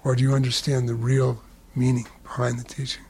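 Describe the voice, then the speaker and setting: A man's voice: medium pitch, flat delivery, brisk, darkish tone, a little hiss or hum, natural voice. A man voicing a stern old hag. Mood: probing. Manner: questioning, scolding.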